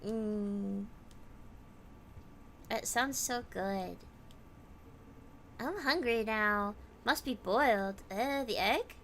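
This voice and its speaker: A woman's voice: mid-range voice, drawn-out words, pauses often, a bit bright, a little hiss or hum. A woman streamer chatting casually while gaming, reading viewer comments aloud and answering them.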